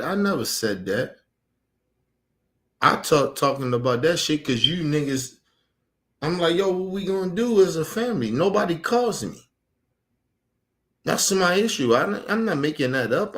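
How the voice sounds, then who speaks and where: A man with a somewhat high voice pours out an angry, profane rant about his family. He talks emphatically and hammers his points home, sounding like a streamer venting to his viewers. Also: animated, moderate pace, long pauses, fairly bright tone. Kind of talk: heated personal rant.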